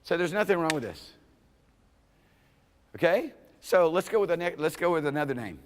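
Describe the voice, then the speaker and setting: A man's voice: a little high, animated, moderate pace. Man teaching Hebrew in a reverberant classroom. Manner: conversational, checks in with "okay?" often. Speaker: Hebrew instructor. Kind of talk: classroom lecture. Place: lecture room.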